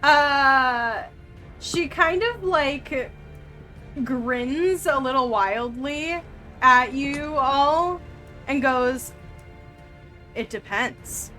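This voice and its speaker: A woman narrating a tabletop game as game master, with many pauses and fillers. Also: high-pitched, bright, forceful tone, faint music behind. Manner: hesitant, filler-heavy narration.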